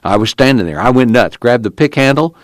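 A man's voice: mid-range voice, expressive, brisk, dry recording, studio quality, pitched above the performer's own voice, lightly acted. A man voicing a battered, weary young farm worker who talks in a drawling rural dialect, his voice straining with grief. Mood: shaken.

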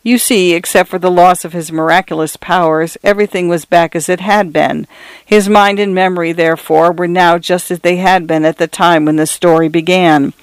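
A man narrating a story in a measured, descriptive reading, sometimes turning to speak directly to the listener. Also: high-pitched, fairly even intonation, clean tone, dry recording.

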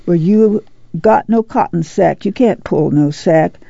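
A woman's voice: lowish voice, unhurried, vocal fry, warm tone, breathy edge, dry recording, heavily acted. Woman reading tough tired farm ma, bossy and firm, muffled lo-fi sound. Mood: worried. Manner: firm, coaxing and bossy in turn. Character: weary, determined farm mother of a migrant family. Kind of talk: audiobook character voice.

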